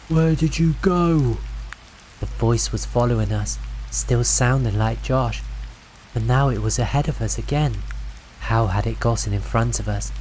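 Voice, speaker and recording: A man narrating a true wilderness horror story in a slow, suspenseful scripted delivery. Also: mid-range voice, darkish tone, slight background noise, rough recording. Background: faint rain sounds.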